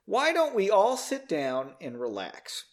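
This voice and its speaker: A man reading the lines of Henry, a gentle, reassuring young man in a story. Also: high voice, huge pitch swings, slow pace, pitched above the performer's own voice, exaggerated voice. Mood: calm.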